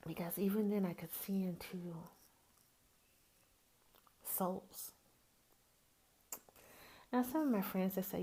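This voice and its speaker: A woman with a Southern accent from Mississippi talks frankly and personally, her voice pitched in an ordinary middle range. She speaks in a folksy, plain-spoken way and addresses the listener as "baby". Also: slow pace, pauses often, dark tone. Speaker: podcast host. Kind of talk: personal monologue.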